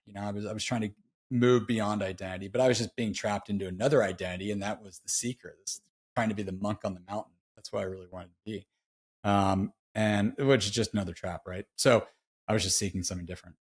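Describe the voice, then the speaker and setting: A man's voice: on the low side, steady tone, quick pace, breathy edge. A man guest on a podcast, telling a personal story in a casual, candid way, often saying "dude" and restarting his sentences.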